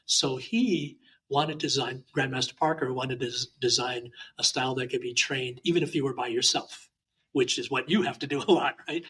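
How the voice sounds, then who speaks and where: A man from Hawaii, a martial arts teacher, chatting in an interview and telling lively anecdotes with frequent uh fillers. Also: mid-range voice, normal speed, husky, low-quality recording. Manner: animated, talkative anecdotes with many uh fillers. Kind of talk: casual interview storytelling.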